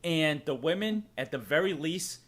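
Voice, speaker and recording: A man's voice: fairly high pitch, expressive, moderate pace, fairly bright tone. A young man with a Boston accent, hosting a livestream and rambling to his chat, swearing freely as he goes. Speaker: streamer host.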